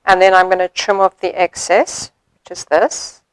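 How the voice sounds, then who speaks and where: A woman demonstrating sewing steps in a chatty way, thinking aloud as she works and filling pauses with ums. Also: on the low side, fairly even intonation, smooth, no echo, poor audio. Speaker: sewing instructor.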